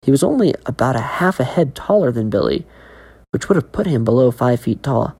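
Very deep-voiced woman reading a horror story. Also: big pitch swings, a little fast, dark tone, husky. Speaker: narrator. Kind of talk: scripted horror story narration.

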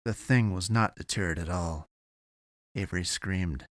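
Guy narrating an audiobook, lowish voice, dry booth sound, steady pace. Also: unhurried, no room sound. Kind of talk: scripted narration.

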